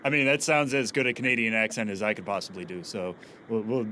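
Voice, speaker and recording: A man's voice: lowish voice, fairly even intonation, fast talker, sharp tone, a little hiss or hum. A man hosting a podcast, asking friendly, chatty questions in a casual interview. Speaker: podcast host.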